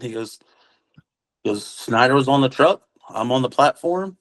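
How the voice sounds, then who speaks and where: A man of ordinary pitch telling a story in a loose, conversational way. He slips into the voices of the people he is quoting and drops casual military slang as he goes. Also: a little slow, long pauses, poor audio. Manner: acts out quoted dialogue, relaxed military slang. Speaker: witness recounting an encounter.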